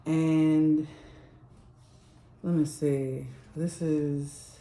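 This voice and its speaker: Slow, low-voiced woman giving a card reading. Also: level tone, warm tone, roomy sound. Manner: earnest, emotional, filler-heavy encouragement. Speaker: spiritual card reader. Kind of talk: spiritual card reading to camera. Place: home.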